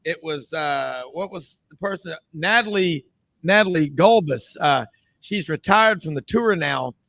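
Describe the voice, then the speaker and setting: A man hosts a sports talk show, his voice a touch high and the sound dry and close. He talks in a chatty, rambling way and laughs easily. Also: lively intonation, measured pace, gravelly, a bit bright, no echo.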